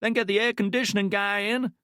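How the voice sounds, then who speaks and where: A male narrator voicing a big, burly laborer in his forties who has a strangely high-pitched voice and frets over work deadlines. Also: fairly even intonation, fairly quick, bright, forceful tone, dry recording. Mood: fretting. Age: 40s. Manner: complaining, worried about deadlines. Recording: dry studio audiobook recording.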